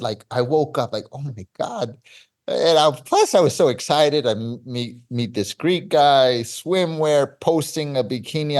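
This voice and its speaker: A man, telling a story as an interview guest with excited, stop-start energy. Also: on the high side. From Cyprus. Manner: animated, excitable, with frequent restarts and laughs.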